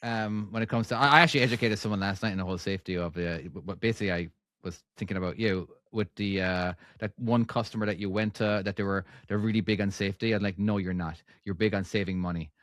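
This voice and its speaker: A man co-hosting a podcast, low-pitched and rambling, blunt and sweary as he goes. He is recorded close on a dry mic with no room sound. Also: fairly even intonation, fast talker, a bit bright, no echo. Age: adult. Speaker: podcast co-host. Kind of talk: casual podcast chat.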